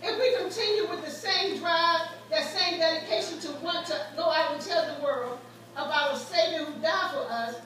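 A guest preacher, a woman with a very high, bright, forceful voice, delivers a sermon with growing fervor, weaving in stories from her own life. Recorded in a very echoey church sanctuary, she is picked up by a distant mic with slight background noise.

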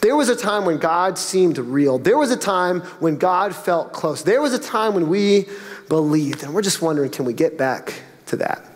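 A man from South Florida preaching a sermon as pastor, talking conversationally and building to emphatic high peaks. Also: expressive, normal speed. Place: church auditorium. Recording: long reverb of a church hall.

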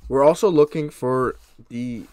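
There's a dry, clean quality to this recording of a young man opening trading card packs for his audience. His medium-pitched voice moves unhurriedly, though he stays excited and chatty as he talks to viewers in typical YouTuber fashion.

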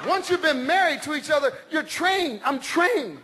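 A middle-aged man doing stand-up comedy on a large stage, loud and animated, shouting his punchlines. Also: very high-pitched, normal speed. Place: large comedy stage before a live audience. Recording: live show with crowd laughter and noise.

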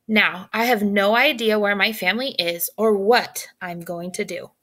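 A woman voicing a gentle, polite young male troll who speaks softly and sorrowfully in a storybook reading. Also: mid-range voice, steady tone, moderate pace, close to an everyday voice. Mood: earnest.

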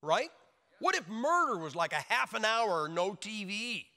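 A high, lively male voice delivers a joking, emphatic sermon and swings widely in pitch. His bright, forceful tone rings out through the long reverb of a large hall. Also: unhurried. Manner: emphatic, joking, acts out crying babies in high shouts. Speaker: preacher.

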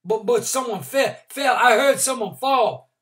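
A timid old man, as a male reader puts him on stammers and repeats himself in a raised, squeaky voice. His storybook voice sounds bright and anxious. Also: a little slow. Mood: flustered.

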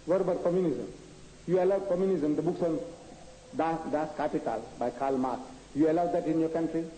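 A man's voice: fairly high pitch, brisk, dark tone. A man answering audience questions at a public lecture, emphatic and combative, firing off rhetorical questions. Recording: echoey hall with faint noise, archive tape.

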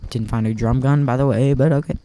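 A young man giving casual, excitable commentary on his own gameplay, self-mocking and prone to repeating himself. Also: mid-range voice, quick pace. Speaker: gaming YouTuber.

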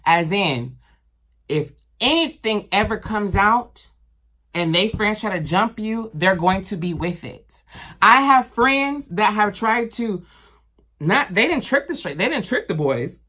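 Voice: medium pitch, animated, a little slow, bright, forceful tone. A vlogger ranting to camera in a heated, emphatic and profane way, blunt and full of slang. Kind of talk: impassioned rant to camera.

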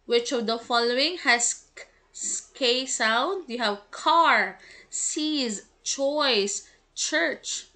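A woman, an English teacher slowly reading quiz items and giving the answers, pronouncing each word with care. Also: on the high side, pushed and bright. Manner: slow, deliberate, enunciates each word.

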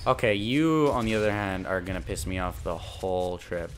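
Excitable young man commenting on gameplay. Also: sits low, moderate pace, slight background noise. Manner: excitable, frustrated, swears and talks to enemies. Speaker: gaming channel host.

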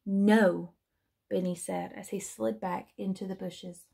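A woman teacher reading a children's storybook aloud in a gentle, expressive manner. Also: medium pitch, moderate pace, gravelly, breathy edge.

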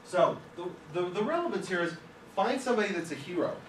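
A man's voice: high voice, expressive, fast talker, a little hiss or hum. Man lecturing in an echoey classroom. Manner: conversational, anecdotal. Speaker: guest speaker. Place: film school classroom. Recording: echoey room, distant mic.

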